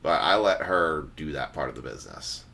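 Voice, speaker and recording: Deep-voiced joking card-break host. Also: male voice, animated, normal speed, sharp tone. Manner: joking, teasing, chatty. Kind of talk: casual livestream banter.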